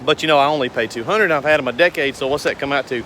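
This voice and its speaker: His mid-range voice comes out rapid-fire, pushed and bright, with slight background noise. This man, a business owner vlogger, talks casually to camera, rambling to his viewers in an earnest, folksy way.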